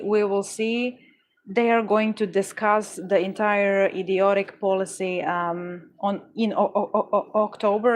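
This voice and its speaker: A woman running a casual art livestream, chatting with viewers in a rambling, playful way with deadpan jokes. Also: medium pitch. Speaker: livestream artist. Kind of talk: casual livestream chat reading comments.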